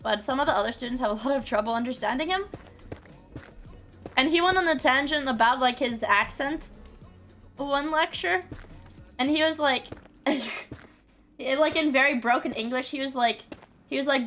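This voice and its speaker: A young adult woman chats casually while livestreaming a game, swearing freely and often restarting sentences. Her high, fairly bright voice moves at a moderate pace with long pauses, and soft music plays behind her.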